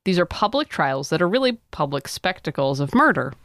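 A young woman co-hosting a comedic history podcast, expressive and jokey. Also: low voice, brisk, no room sound, studio quality. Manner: expressive, laughing, jokey asides. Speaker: podcast co-host.

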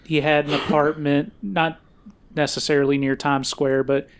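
A man with a smooth, resonant voice pitched a little high chats on a podcast. He tells stories at length and laughs easily as he goes. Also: flat delivery, normal speed. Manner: chatty storyteller, laughs often. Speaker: podcast co-host. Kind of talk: casual chat.

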